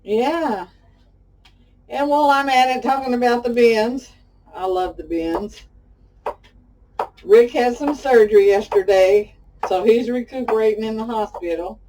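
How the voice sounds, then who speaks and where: A middle-aged cooking show host from Pasadena, Texas, speaks with a Texan Southern accent, chatting folksily to "y'all" and telling stories while demonstrating a recipe. Her warm voice is a little high, measured, and full of pauses. The low-quality recording is far from the mic, with some hiss or hum.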